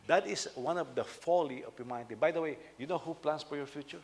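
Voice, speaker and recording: A man's voice: on the high side, fast talker, gravelly, in a large hall. A man, a senior pastor, preaching a conversational sermon and often putting rhetorical questions to his listeners.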